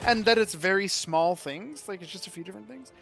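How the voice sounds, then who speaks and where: A man's voice: sits high, lively intonation, brisk, vocal fry, fairly bright tone, faint music behind. A man chatting casually as a player in a tabletop game, rambling and self-deprecating. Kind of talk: casual chat.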